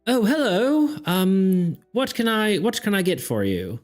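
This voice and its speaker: A friendly, flustered woman wood carver, as a man puts her on for a tabletop game. Her voice sits well above his own, with a wavering accent that never settles. She stumbles through ums and halting replies, with faint music behind. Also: sits high, big pitch swings, a little mellow, pitched above the performer's own voice, full character voice. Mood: welcoming. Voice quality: wavering, shifting put-on accent. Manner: hesitant, full of ums.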